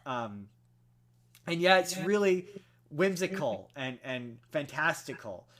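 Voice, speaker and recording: A young man co-hosting a podcast, telling a film story in casual chat, full of fillers and restarts and growing animated as he goes. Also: fairly high pitch, slow. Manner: rambling with many fillers and restarts, animated when excited. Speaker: podcast co-host.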